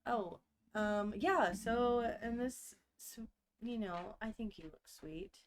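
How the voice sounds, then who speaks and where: A woman's voice: mid-range voice, slow, a crowd in the background. A woman co-hosting a podcast, chatting casually about a movie with blunt, emotional reactions. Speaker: podcast co-host.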